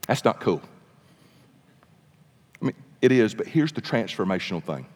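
A man preaching, telling a story with animated, dramatic pacing in a sermon. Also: on the low side, normal speed, slightly rough. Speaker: pastor. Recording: long reverb of a large hall.

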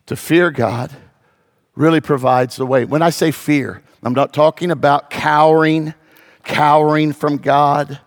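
Middle-aged guy preaching a sermon, kinda high voice w/ gravel, punches his points loud. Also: steady tone, a little slow. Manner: preaching with rising emphatic bursts. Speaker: pastor.

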